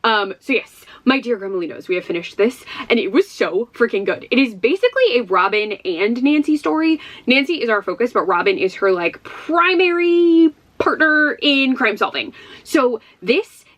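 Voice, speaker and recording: A woman's voice: fairly high pitch, animated, moderate pace, fairly bright tone. A woman from Ohio chatting casually to camera about books. She is bubbly and chatty, and often breaks into laughter. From Ohio, USA. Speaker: book vlogger.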